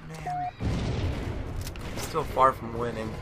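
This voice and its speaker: A young man, still a student, commentating his own gameplay, yelping, shouting and swearing at the game. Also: mid-range voice, huge pitch swings, slow, music in the background. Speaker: gaming commentator. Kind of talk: casual live gameplay commentary. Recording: loud game sound under the voice. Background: shooter game sounds and gunfire.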